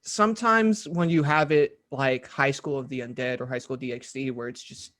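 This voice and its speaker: A man's voice: mid-range voice, moderate pace, fairly bright tone. A young man co-hosting a podcast in casual chat, often stammering, repeating his words and laughing easily. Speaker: podcast co-host.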